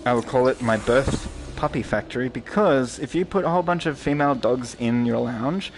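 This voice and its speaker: A man's voice: medium pitch, fairly quick, slight background noise. Crude, joking male game streamer. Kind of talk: casual game commentary.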